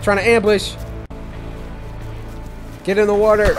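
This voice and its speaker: A young man giving loud, excitable commentary while playing a video game, trash-talking enemies with squeals and yells. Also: high voice, measured pace, long pauses, over loud music. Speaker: gaming video creator. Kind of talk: let's play commentary.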